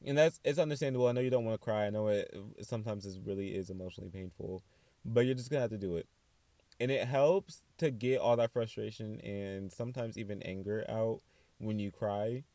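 A young man, hosting a casual solo podcast in a chatty, animated way with sassy asides. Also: on the low side, brisk, no room sound. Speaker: podcast host.

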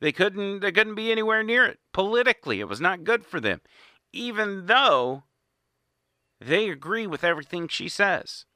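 A man's voice: high-pitched, big pitch swings, normal speed, sharp tone, no room sound. A man giving an indignant, sarcastic political monologue as host, recorded in a small studio. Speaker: political commentator. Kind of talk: opinionated monologue.

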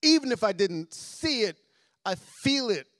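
High-voiced man preaching with passion. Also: very animated, measured pace, no echo, clean studio sound. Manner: impassioned preaching, repeats phrases, swings between soft and loud. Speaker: pastor. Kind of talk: sermon. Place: church sanctuary.

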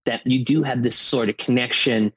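A man in his fifties, an actor, chatting casually and telling animated stories. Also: medium pitch, normal speed, husky, no echo, low-quality recording. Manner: animated storyteller, acts out quotes. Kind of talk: casual chat.

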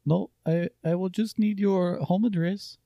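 A man's voice: a little high, fairly quick, gravelly, warm tone, voice pushed up. A man voicing a polite but prying male tech-support scammer in a comedic improv bit. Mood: fake polite.

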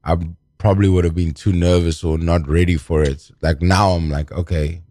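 Low-voiced South African man chatting. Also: fairly even intonation, moderate pace, dark tone, no room sound, clean studio sound. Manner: chatty, laughs often, repeats words. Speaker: comedian guest. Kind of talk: casual podcast chat.

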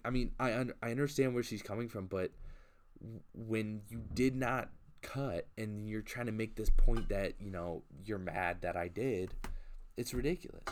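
A man's voice: mid-range voice, a little hiss or hum. A young man in casual conversation, ranting indignantly with lots of restarts and repetition. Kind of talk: casual chat.

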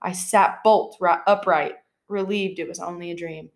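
A woman's voice: fairly low pitch, fairly even intonation, normal speed. A young woman co-hosting a podcast, chatting casually and telling scary stories, with lots of fillers. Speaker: podcast co-host.

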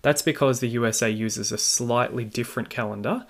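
A man with an Australian accent, hosting a podcast, reading and answering listener feedback in a measured, explanatory way with occasional fillers. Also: medium pitch, creaky. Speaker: podcast host.

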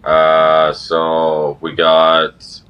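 A man's voice: a bass voice, completely flat delivery, drawn-out words, clear, resonant tone, highs cut off, soft background music. A man co-hosting a betting podcast, giving his picks in a laid-back way. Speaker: podcast co-host. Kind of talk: casual chat.

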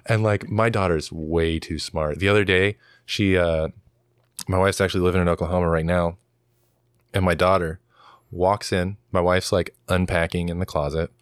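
A young man telling stories in casual chat, animated, with lots of fillers and swearing. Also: deep voice, moderate pace, clean tone, no echo, clean studio sound.

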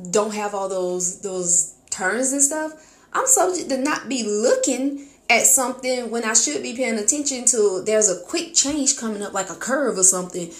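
A woman with a rural American accent hosts her own podcast, talking casually and bluntly. She breaks into animated outbursts now and then, and her medium-pitched voice echoes around the room. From rural United States. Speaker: podcast host. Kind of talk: casual monologue.

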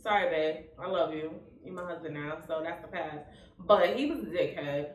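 A woman's voice: low-pitched, moderate pace. A woman hosting a casual chat, emphatic and outspoken, swearing freely and asking her guests questions. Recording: echoey room, mic at a distance.

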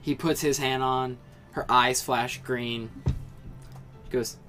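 A man running a tabletop game, narrating a scene in a relaxed, descriptive way and sometimes restarting his sentences. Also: mid-range voice, takes it slowly, faint music behind. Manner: relaxed, descriptive, self-correcting. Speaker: game master.

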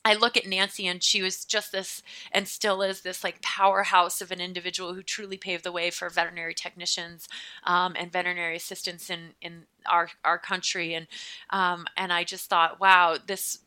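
American lady guest on a podcast, bright voice, laughs a lot. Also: fairly low pitch, flat delivery, moderate pace, smooth. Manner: laughs often, chatty and enthusiastic. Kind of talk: casual interview chat.

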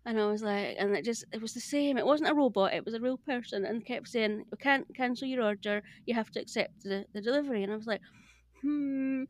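A woman's voice: on the high side, a little fast. A Scottish woman, a podcast guest, telling a story in casual chat and acting out both sides of the conversation. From Scotland.

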